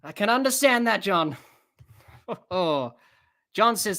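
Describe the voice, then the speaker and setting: A woman hosting a cricket podcast, giving live watch-along commentary in an excitable way, reading out listeners' comments and bursting into shouts at big shots. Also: medium pitch, slow pace. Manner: reads out chat comments and chats to listeners.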